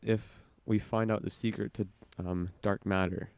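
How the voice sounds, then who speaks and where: A man's voice: on the low side, flat delivery, unhurried, creaky, a little mellow, no echo. A teenage man, an easygoing podcast co-host in casual chat. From Canada.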